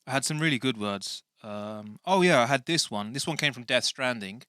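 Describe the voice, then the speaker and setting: Man, podcast host, casual rambling chat, bright voice, dry close sound. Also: medium pitch, expressive, normal speed, smooth, no echo. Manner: rambling, hesitant, with restarts.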